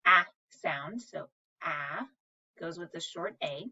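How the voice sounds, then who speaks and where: A woman teaches a reading lesson at a slow, careful pace, sounding out each word syllable by syllable. Her voice is bright and clear. The recording is a little dull and distant from the mic. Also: deep voice. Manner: patient, sounds out words syllable by syllable.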